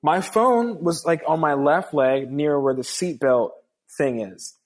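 A man's voice: fairly high pitch, a little slow. A man telling a long personal story in casual conversation, earnestly acting out the dialogue of the people in it. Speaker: guest.

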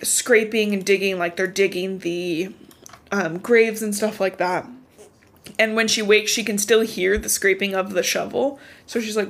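With a medium-pitched, slightly bright voice, a female podcast co-host walks through a novel's plot in relaxed chat. She swears without holding back and peppers everything with "like."

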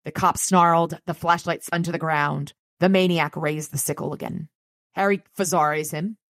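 A woman podcast co-host retells a book chapter in a loose, conversational way, then discusses it. Her voice is low and gravelly, with plenty of vocal fry. The recording is dry and close to the mic. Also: fairly even intonation, normal speed, a bit bright, no echo.

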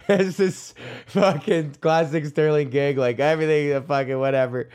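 A man's voice: fairly high pitch, steady tone, measured pace. A young man from Canada hosting a podcast, telling a rambling, profane story with frequent laughs. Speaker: podcast host. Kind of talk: casual monologue.

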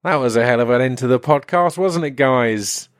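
Rambling podcast host, dry sound. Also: male voice, medium pitch, moderate pace, no room sound. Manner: rambling, comic, slips into put-on regional accents. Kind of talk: solo podcast monologue.

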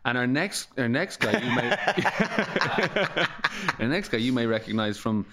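A man's voice: medium pitch, expressive, takes it slowly, pushed and bright, slight background noise. A man co-hosting a podcast, cracking jokes and swearing casually. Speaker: podcast co-host. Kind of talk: casual chat.

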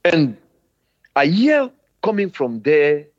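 A man, a former footballer, recounting his memories in an interview in halting non-native English. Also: fairly high pitch, very animated. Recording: dull lo-fi sound.

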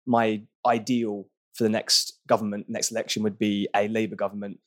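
A man's voice: lowish voice, little pitch movement, normal speed. A man from Britain being interviewed on a podcast, speaking earnestly and thoughtfully with frequent restarts. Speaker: barrister and activist guest.

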